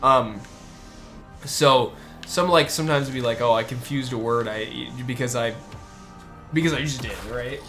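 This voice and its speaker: Man, from the US, casual stream chat, rambling with fillers, mid-pitched voice, faint music behind. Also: normal speed, pauses often, fairly bright tone. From United States. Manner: rambling, with many fillers and restarts.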